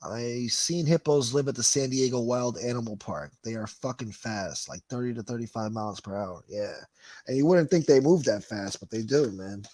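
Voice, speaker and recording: A man's voice: medium pitch, moderate pace, a little mellow, no room sound. A man hosting a livestream, reading viewer comments and chatting in a rambling, profane way. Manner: rambling, swears a lot, laughs. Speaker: livestream host reading chat. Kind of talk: casual profane chat.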